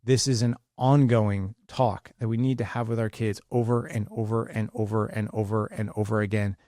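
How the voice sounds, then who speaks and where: A man's voice: fairly low pitch, flat delivery, moderate pace, dark tone, no room sound. A man in his fifties hosting a solo podcast, speaking with urgency and passion and repeating key points for emphasis. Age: 50s. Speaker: podcast host.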